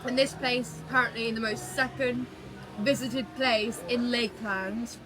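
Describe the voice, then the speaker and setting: A British woman chatting in a casual vlog in a relaxed, chatty way. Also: fairly high pitch, normal speed, low-quality recording. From Britain.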